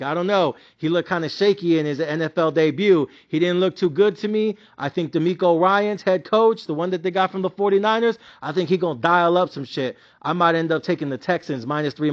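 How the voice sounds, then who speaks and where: A young man with a Mexican-American accent, ranting profanely and animatedly about his sports bets, yelling at times. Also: fairly high pitch, highs cut off. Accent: Mexican-American English with Spanish interjections. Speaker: sports betting vlogger. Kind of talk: casual ranting commentary.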